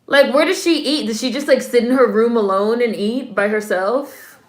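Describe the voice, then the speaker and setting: A woman's voice: on the high side, normal speed, echoey room. A woman giving casual commentary while watching a film, chatty and wry, with slang asides. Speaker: film reaction vlogger.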